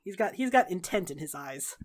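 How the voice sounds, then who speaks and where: A woman narrating a tabletop game as game master, laughing often and dropping in quick character voices. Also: on the low side, lively intonation. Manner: laughs often, talks fast with many "like"s; brief character voices, then back to narration.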